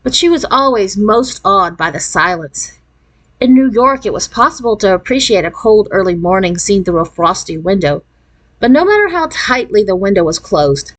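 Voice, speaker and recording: Woman reading a children's novel aloud. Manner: expressive storytelling, raising pitch for quoted voices. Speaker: narrator.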